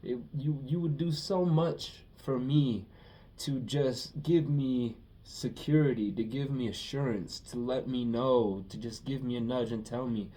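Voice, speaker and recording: A man's voice: medium pitch, a little slow, dark tone. A young man talking through a casual personal monologue, emotional and profane, often repeating himself. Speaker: vlogger.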